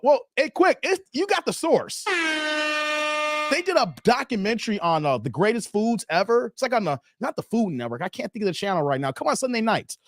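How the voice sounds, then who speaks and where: Guy hosting a chat stream, high lively voice, slangy and rambling, laughs a lot, dry close sound. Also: dry recording. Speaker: show host. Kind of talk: casual livestream chat.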